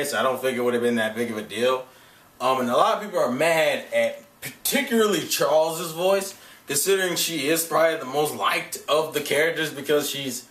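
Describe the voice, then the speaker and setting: A man's voice: on the high side, a bit bright. Rambling young man in an echoey room. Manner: rambling, profane, many fillers and restarts. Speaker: anime vlogger. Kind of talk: casual rambling vlog. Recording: echoey room, mic at a distance.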